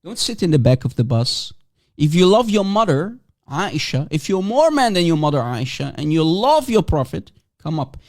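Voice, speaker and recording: A man's voice: a little high, big pitch swings, moderate pace, a little mellow. A man hosting a casual livestream, mocking and provocative, teasing and repeating himself as he calls for guests. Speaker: livestream host.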